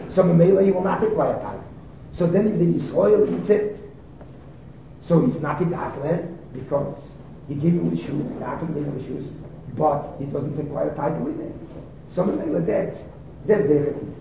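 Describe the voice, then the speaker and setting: A man teaching Talmud, working through the text in short repeated phrases. His voice is a little high and rough with gravel. He sits well back from the mic in a very echoey room, and the recording sounds dull. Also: animated, normal speed, far from the mic, a little hiss or hum. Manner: explains in short repeated phrases, restarting and emphasizing. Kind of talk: Talmud study lecture.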